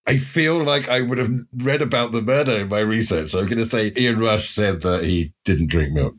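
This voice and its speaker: A man co-hosting a podcast, animated and joking, swearing casually. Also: on the low side, normal speed. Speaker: podcast co-host. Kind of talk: casual chat.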